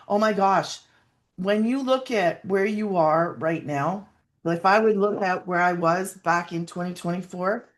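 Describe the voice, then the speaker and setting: A woman, a guest in an interview, telling her personal story in an earnest, emotional way, close to tears at times, with many fillers and restarts. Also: lowish voice.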